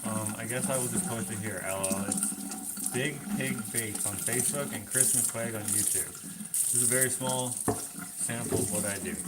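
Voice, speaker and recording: A man's voice: mid-range voice, fairly bright tone. Chatty man in a roomy echo. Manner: loose and chatty, reads comments aloud, many fillers. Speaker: vlogger answering viewer questions. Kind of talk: casual live Q&A chat.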